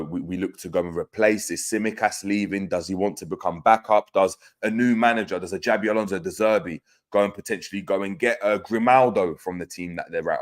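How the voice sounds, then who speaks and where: A man hosting a casual football stream, reading out viewer comments with lots of fillers and restarts. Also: low voice. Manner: conversational, many fillers and restarts, reads out comments. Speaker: football podcast host.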